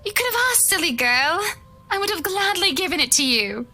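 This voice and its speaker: Man voicing a sweet, genteel young woman in a game read, very high and bright. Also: animated, brisk, exaggerated voice. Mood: gentle, affectionate. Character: poised, affectionate young woman. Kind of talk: reading game dialogue on stream.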